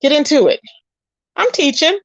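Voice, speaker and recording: A woman's voice: sits high, sing-song, moderate pace, dry recording. A woman doing casual live-stream commentary, reading chat aloud in a sassy way, calling viewers child and honey. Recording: dull lo-fi, dry.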